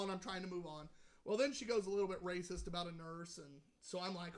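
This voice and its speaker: A man's voice: high voice, animated, brisk, fairly bright tone, slight background noise. A man co-hosting a casual podcast, telling a story with swearing and frequent laughs. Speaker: podcast co-host. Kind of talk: casual chat.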